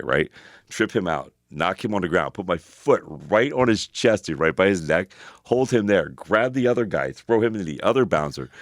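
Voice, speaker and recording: A man co-hosting a podcast, telling rambling, animated stories full of filler words. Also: low voice, dry recording, studio quality. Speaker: podcast co-host. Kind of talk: casual storytelling chat.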